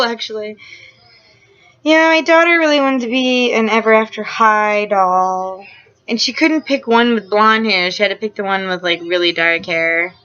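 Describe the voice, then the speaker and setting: A young woman and mother chatting casually in a home vlog. She fills her talk with fillers, jumps between topics and gets giggly and excitable. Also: mid-range voice. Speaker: vlogger and mother. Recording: slightly dull home-video sound.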